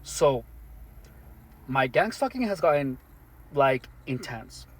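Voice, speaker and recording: A man speaking alone to the camera in an earnest, matter-of-fact monologue, halting with many restarts and fillers. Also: mid-range voice, very animated. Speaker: vlogger. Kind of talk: first-person monologue to camera.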